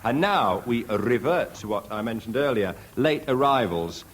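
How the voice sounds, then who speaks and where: A man chairing a radio comedy panel game before a live audience, with a brisk, wry delivery. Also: medium pitch, animated. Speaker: quiz chairman. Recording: 1970s radio recording, audience noise.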